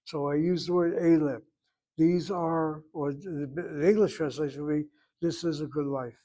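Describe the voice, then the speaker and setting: A man's voice: on the high side, fairly even intonation, moderate pace, dark tone. Emphatic male Hebrew teacher. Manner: emphatic, repeats and corrects students, thinks aloud while spelling. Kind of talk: online class teaching.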